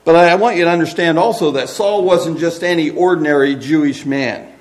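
A man's voice: on the high side, brisk, darkish tone. A man preaching a sermon as pastor, earnest and often repeating words as he goes.

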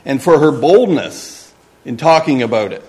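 A man's voice: mid-range voice, lively intonation, moderate pace, a little mellow. A man preaching a sermon as pastor, earnest and often repeating words as he goes.

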